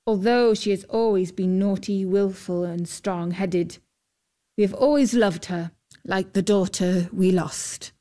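A woman voicing an old, gentle foster father recalling the loss of his daughter in a storybook reading. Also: high-pitched, steady tone, a little slow.

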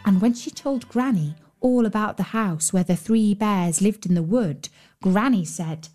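Woman storyteller, mid-pitched, scripted fairy-tale reading, faint fiddle music underneath. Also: measured pace, warm tone.

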